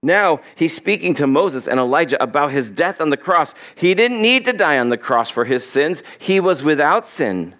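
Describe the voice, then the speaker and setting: A man's voice: fairly high pitch, animated, normal speed, few pauses, a bit bright. A male pastor giving a conversational sermon, acting out the lines he quotes and chuckling as he goes.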